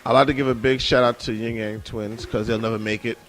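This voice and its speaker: A man's voice: medium pitch, flat delivery, brisk, fairly bright tone, soft background music. A man, co-hosting a casual radio chat and hammering his points home by repeating them. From the Bronx, New York. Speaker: radio show co-host.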